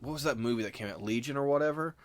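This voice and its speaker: A man co-hosting a casual chat podcast, rambling through stories and stopping to correct himself. He acts out what other people said as he goes. His voice is mid-pitched and sounds close and dry. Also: racing, no room sound. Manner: rambling, self-correcting storyteller who mimics others. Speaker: podcast co-host.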